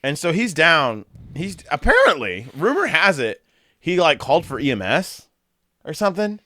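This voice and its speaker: A man co-hosting a casual podcast chat, retelling video clips in a lively play-by-play way. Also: fairly high pitch, normal speed, no echo. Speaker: podcast co-host.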